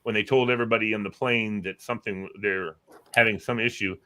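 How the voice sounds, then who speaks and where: A man hosting a casual chat, telling animated stories and mimicking voices. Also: fairly low pitch, a little fast. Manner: animated storyteller who mimics voices and dialects.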